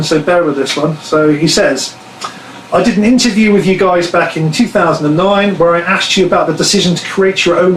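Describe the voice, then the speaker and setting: A man reading out fan questions in a casual live Q&A, chatty and self-deprecating, laughing easily. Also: fairly high pitch. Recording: echoey room, faint noise.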